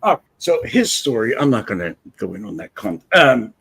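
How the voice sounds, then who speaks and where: A man hosting a livestream, telling a personal story in a blunt, profane, animated way. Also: medium pitch, moderate pace, vocal fry, breathy edge. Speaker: livestream host. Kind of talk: casual storytelling chat.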